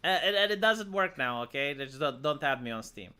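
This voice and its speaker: A man's voice: fairly high pitch, expressive, a little fast, sharp tone, clear, resonant tone. A man with a Romanian accent chatting on a stream, rambling and stammering through restarts. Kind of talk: casual stream banter.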